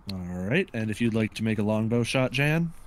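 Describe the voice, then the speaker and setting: A man with a fairly low voice runs a tabletop game as its game master. He narrates in a relaxed, wry way with plenty of filler words. Faint background noise sits under his voice. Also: normal speed.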